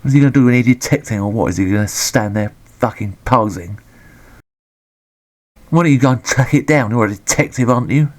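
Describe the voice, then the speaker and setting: A man giving sweary, deadpan, sarcastic commentary on a retro game. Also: mid-range voice, brisk.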